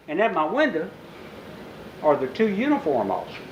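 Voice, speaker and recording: A man speaking as an author at a bookstore talk, telling a story vividly to a live audience and acting out the shouted lines. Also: sits high, expressive, a little fast, echoey room, a little hiss or hum, poor audio. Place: bookstore event room.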